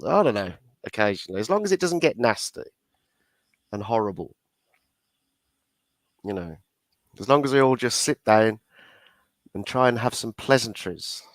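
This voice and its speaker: A man's voice: medium pitch, dry recording. A man hosting a casual livestream chat, blunt and full of swearing, laughing often. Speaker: livestream host.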